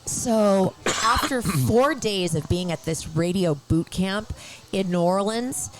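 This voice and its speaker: A woman's voice: mid-range voice, slow pace, a little hiss or hum, rough recording. A woman in casual chat, self-deprecating and chatty. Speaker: radio host.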